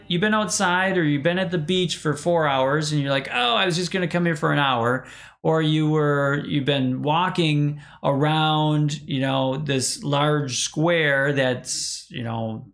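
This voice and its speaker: A man hosting a live show, talking casually and rambling with frequent restarts, speaking straight to his viewers. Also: on the high side. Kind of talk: casual live-stream talk.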